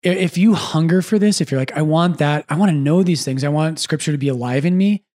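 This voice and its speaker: A man who is a priest and podcast host, chatting casually and with animation, often breaking off to correct himself. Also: on the high side. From United States. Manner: animated, quick asides, self-correcting.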